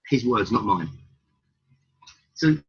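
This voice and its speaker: A man's voice: lowish voice, expressive, slow pace, gravelly, husky. A middle-aged man, a stand-up comedian telling blunt stories in an interview and firing off rhetorical questions. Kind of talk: storytelling in an interview. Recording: dull lo-fi recording.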